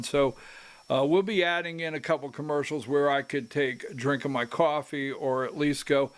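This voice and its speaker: A man hosting a political commentary show who rambles, breaks into his own sentences and adds emphatic asides. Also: mid-range voice. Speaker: host.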